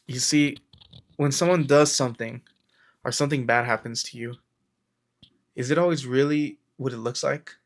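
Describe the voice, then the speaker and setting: A man's voice: medium pitch, fairly even intonation, moderate pace, long pauses. A man talking casually to camera about mindset, rambling and storytelling with lots of fillers and acted-out quotes. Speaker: self-help vlogger. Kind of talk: casual motivational talk to camera.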